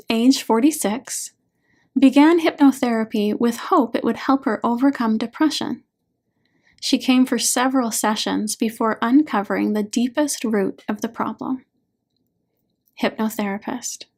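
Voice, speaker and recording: A woman narrating her own audiobook in a gentle, measured voice. She reads slowly, her pitch sitting a little high. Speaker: author and hypnotherapist narrating.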